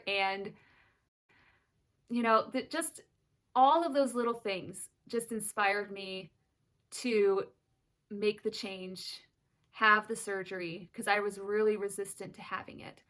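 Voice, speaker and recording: Woman, 30s, vlogger mother; earnest, heartfelt delivery, mid-pitched, near tears at moments. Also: fairly even intonation, a little slow, fairly bright tone. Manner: earnest and emotional, close to tears at times. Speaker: mother of twin daughters sharing her story. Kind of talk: personal vlog, candid storytelling.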